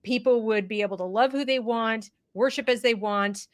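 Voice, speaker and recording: A woman hosting a conversational discussion, her voice sitting a little high. She talks in an animated way, full of fillers and restarts. The sound is dry and close. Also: moderate pace, no room sound.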